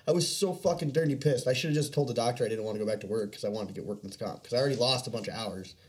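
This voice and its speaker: A man's voice: medium pitch, fast. A young man telling rambling, profane stories in casual chat, laughing often.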